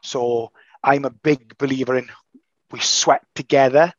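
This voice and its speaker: A man's voice: medium pitch, steady tone, measured pace, no echo. A man talking through a slightly dull, lo-fi recording, emphatic and salty with his language. His voice sits dry and close, with no room sound around it. He is a martial arts instructor chatting casually on a podcast. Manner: emphatic, swears freely.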